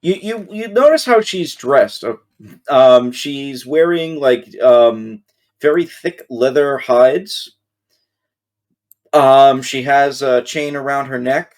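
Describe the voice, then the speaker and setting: Slow, halting male game master. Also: mid-range voice. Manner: slow, halting narration full of ums. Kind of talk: narrating a tabletop game.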